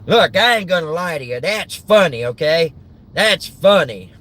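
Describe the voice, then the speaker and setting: Guy doing a redneck comedian bit, drawly, folksy, kinda upbeat and a bit higher. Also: lively intonation, unhurried, sharp tone, a little hiss or hum. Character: folksy Southern redneck comedian, middle-aged man.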